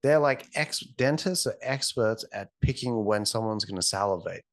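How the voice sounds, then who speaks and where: Blunt, deadpan man in his thirties. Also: on the low side, normal speed. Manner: blunt, profane, deadpan asides. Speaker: podcast co-host. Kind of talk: casual chat.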